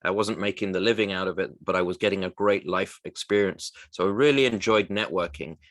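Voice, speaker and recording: A man as a radio interview guest, telling his career story in a halting, reflective way with frequent restarts. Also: deep voice, no echo. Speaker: guest, recruitment firm co-founder.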